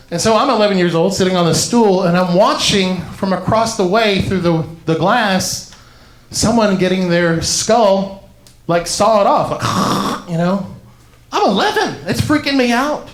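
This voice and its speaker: A man from Iran performing a stand-up comedy set, telling animated stories and laughing through his own punchlines. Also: high-pitched. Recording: echoey live comedy venue.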